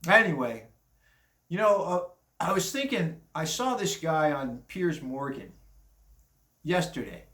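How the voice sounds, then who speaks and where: Older male commentator, rambling and blunt, slightly raised pitch, recorded in an echoey room. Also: very animated, measured pace, long pauses, a bit bright. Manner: rambling, blunt, chuckling asides. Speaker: commentary vlogger. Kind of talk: casual opinion monologue.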